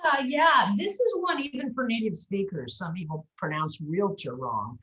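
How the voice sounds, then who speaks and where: Woman, speech coach, lively voice that swings high and low, demonstrates words aloud, echoey room on a video call. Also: normal speed. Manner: animated, demonstrates pronunciation aloud. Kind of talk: coaching interview.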